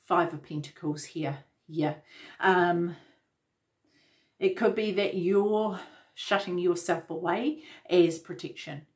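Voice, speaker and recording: A woman giving a casual tarot reading, gentle and reflective, with many fillers and restarts. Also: lowish voice, slow, long pauses. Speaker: tarot reader.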